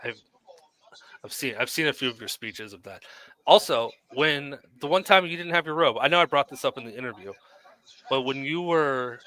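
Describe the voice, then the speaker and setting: A man's voice: medium pitch, lively intonation, moderate pace, pushed and bright, no room sound. A male host in a casual chat with a guest, passing along questions from viewers. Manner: conversational, asks questions from viewers.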